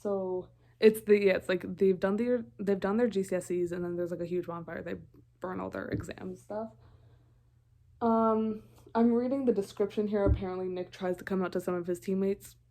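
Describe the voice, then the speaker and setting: A young woman rattles through a TV show recap in a relaxed vlog voice. She is chatty and meandering, and often cuts herself off to correct a detail or remember something. Her pitch sits right in the middle of the usual range. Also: moderate pace. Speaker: vlogger.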